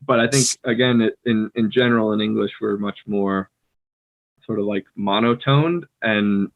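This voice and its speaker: An American man co-hosting a casual language-learning podcast, talking in a relaxed way with lots of fillers. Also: lowish voice, normal speed, creaky. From United States. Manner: relaxed, filler-heavy, playfully mimics others. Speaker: podcast co-host, English native speaker. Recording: tinny phone-like call audio.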